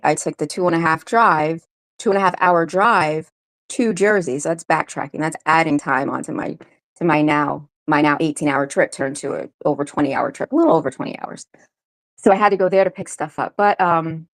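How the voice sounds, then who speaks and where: An American woman hosting a live chat, talking in an animated, chatty way and laughing often. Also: low-pitched. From United States. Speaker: host of a live chat stream. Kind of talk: casual chat.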